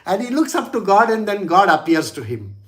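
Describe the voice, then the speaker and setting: A man's voice: high-pitched, sing-song, fairly quick, fairly bright tone. A man, a spiritual teacher telling a religious story in a chatty way, with frequent chuckles and "you know" asides.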